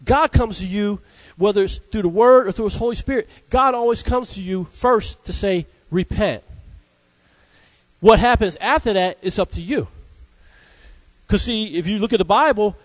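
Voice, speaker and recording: A fervent male preacher, his voice sitting high for a man. He drives the sermon with call-and-response, asking "Amen?" and calling out "Hallelujah." The sound is dry and close, with no room echo. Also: normal speed.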